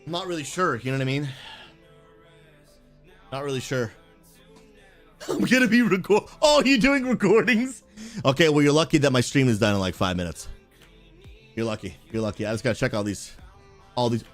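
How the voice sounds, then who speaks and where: A man, a pastor who streams games, chatting live with his viewers and calling them bro, bursting into shouts and laughter. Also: medium pitch, lively intonation, normal speed, long pauses, faint music behind. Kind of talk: live gaming stream chat.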